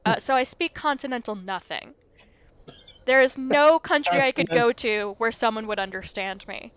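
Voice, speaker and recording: A woman hosting a livestream, chatting casually and rambling on in a self-deprecating way. Her voice is smooth and clear and sits fairly high. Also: moderate pace, lo-fi sound. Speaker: livestream host. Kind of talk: casual let's-play chat.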